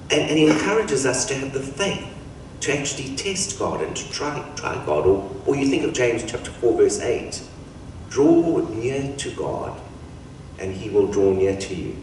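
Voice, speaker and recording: A man's voice: mid-range voice, darkish tone, slight background noise. A man preaching a sermon as pastor, in a conversational style that acts out the quoted voices. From Australia. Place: church hall. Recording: echoey hall from far off.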